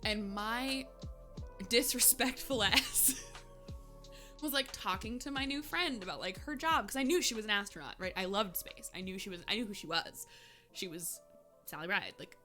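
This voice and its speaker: A woman's voice: mid-range voice, moderate pace, bright, forceful tone, soft background music. A woman streamer telling a personal story in casual chat, laughing often and using lots of filler words.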